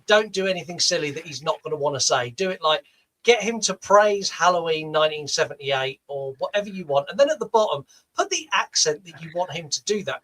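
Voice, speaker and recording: A man's voice: sits high, bright, forceful tone, poor audio. A man with a Southern British accent, co-hosting a podcast in casual chat and teasing his co-host in a playfully bossy way.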